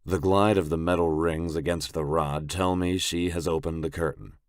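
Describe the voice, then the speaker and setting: A man with a very low voice reads first-person audiobook narration in a gruff, blunt, brooding way. He is close on a studio mic, and the recording is dry with no echo. His voice stays low and heavy throughout. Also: fairly even intonation, moderate pace.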